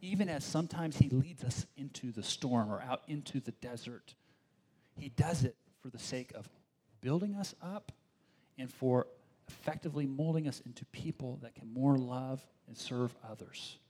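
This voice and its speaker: A man preaching a sermon in a relaxed, conversational way, with asides to the congregation and quoted voices. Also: medium pitch, moderate pace, slightly rough. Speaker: pastor.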